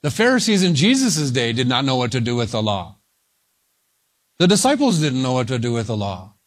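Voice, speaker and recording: A man preaching a verse-by-verse sermon, slow and deliberate, leaning hard on single words for emphasis. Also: mid-range voice, very animated.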